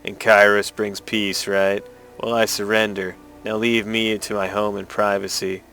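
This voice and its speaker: A man reading out the lines of a grumpy, stubborn old village man in a game, in a gruff way. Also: lowish voice, level tone, a little slow, a bit bright, faint music behind. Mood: grumbling.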